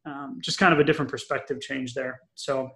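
Middle-aged male podcast co-host, chatty storyteller, mid pitch, lots of ums. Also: fairly quick, gravelly. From New England. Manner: chatty, animated storyteller with many fillers. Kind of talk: casual podcast chat, storytelling.

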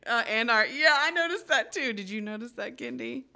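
A woman's voice: a little high, lively intonation, fairly quick, pushed and bright. A woman hosting a podcast interview, chatting casually and answering her guest with short, affirming responses. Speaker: podcast host.

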